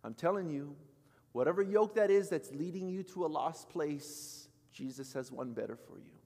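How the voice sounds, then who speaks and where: A man in his thirties preaching a sermon as pastor, telling a story with acted-out quotes and swinging between loud and soft. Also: fairly high pitch, normal speed, big-room sound. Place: church sanctuary.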